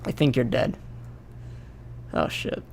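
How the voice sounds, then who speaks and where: A man co-hosting a podcast over a call, bantering in a stammering, sardonic way, with faint music underneath. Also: takes it slowly. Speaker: podcast co-host.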